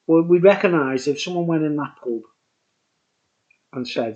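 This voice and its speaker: A man's voice: on the high side, normal speed, a little mellow. A man in his sixties rambling through a childhood story for his viewers, with digressions and chuckling asides. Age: 60s. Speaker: vlogger. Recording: dull lo-fi recording.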